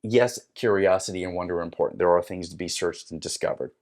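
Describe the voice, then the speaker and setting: A man with a fairly low voice tells a personal story as a podcast guest. He talks casually and with energy, acting out what he said along the way. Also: fast. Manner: animated, acts out his own quotes.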